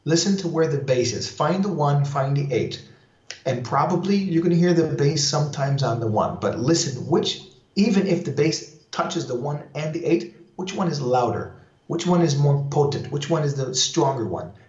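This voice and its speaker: A man teaching salsa timing in a live online lesson, explaining at length and singing bass lines and beat counts aloud. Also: lively intonation, moderate pace, darkish tone, echoey room, lo-fi sound. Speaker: salsa dance instructor.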